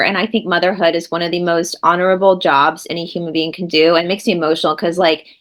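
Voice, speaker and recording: A woman's voice: fairly low pitch, fairly bright tone. Woman, co-host, emphatic and earnest, rambling, video call. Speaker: co-host interviewer. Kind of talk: casual video-call chat.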